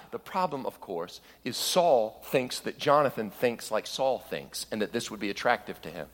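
A man preaching a sermon in an animated way, acting out scripture quotes in a raised voice and dropping low for asides. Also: moderate pace, few pauses, big-room sound.

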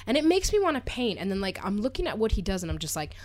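A giggly woman co-hosting a casual chat, her pitch bouncing widely between lines. She answers fast with teasing remarks at a mid pitch. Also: sing-song, a little mellow. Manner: giggly and quick with teasing replies. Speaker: podcast co-host, journalist.

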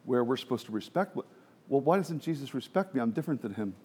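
A man's voice: mid-range voice, expressive, fast, darkish tone, husky. A man preaching a sermon, emphatic and full of rhetorical questions, sometimes dropping to a near whisper.

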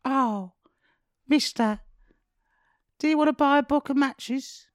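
A man's voice: very high-pitched, slow pace, no room sound, clean studio sound, voice pushed up. A man voicing a poor, hungry Victorian street urchin boy, in an improvised comedy skit. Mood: pleading. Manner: chirpy, exclaiming "ooh", mock-theatrical.

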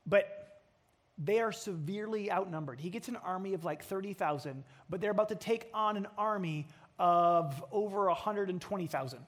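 Brief: a male preacher giving a conversational, animated sermon, high-pitched. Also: moderate pace. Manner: conversational and animated, with frequent restarts.

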